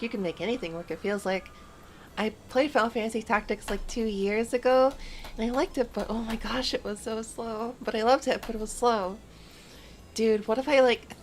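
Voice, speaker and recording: Woman streamer just rambling while she plays, kinda highish voice, silly and self-roasting. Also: a little hiss or hum. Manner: rambling, playful, self-mocking. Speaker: VTuber streamer. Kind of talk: casual game stream chatter.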